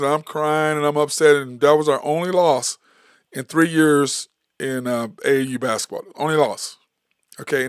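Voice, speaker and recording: A man's voice: on the high side, no echo, clean studio sound. A middle-aged man, hosting a casual sports talk show, telling stories emphatically and repeating his points. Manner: storytelling, emphatic, repeats phrases.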